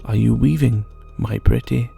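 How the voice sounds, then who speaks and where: A man's voice: mid-range voice, steady tone, moderate pace, gravelly, dark tone, soft background music. A man voicing a wicked, hungry old witch in a told fairy tale, speaking with a falsely sweet manner. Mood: scheming. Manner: sugary sweet when scheming.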